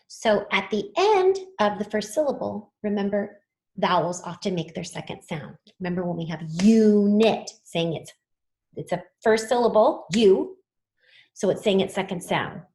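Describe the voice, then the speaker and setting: A woman's voice: medium pitch, animated, measured pace, darkish tone, reverberant. A woman teaching a spelling lesson to children, patiently sounding words out letter by letter.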